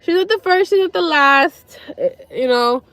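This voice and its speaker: High-voiced woman, tearful and rambling. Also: expressive, fairly bright tone, no echo. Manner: rambling, sweary, halting with sighs. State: near tears. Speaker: livestreamer. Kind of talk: emotional personal talk to viewers.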